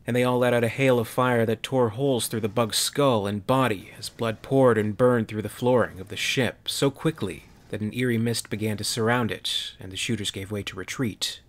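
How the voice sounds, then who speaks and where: Man, low voice, story narrator, measured, dramatic.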